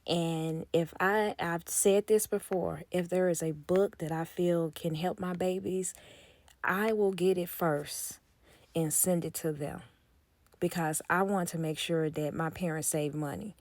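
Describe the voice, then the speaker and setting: Woman spilling nanny tea, super animated, dry close phone sound. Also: lowish voice, measured pace, no room sound. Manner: animated gossip storytelling with acted-out quotes. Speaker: nanny vlogger. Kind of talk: casual storytime with quoted dialogue.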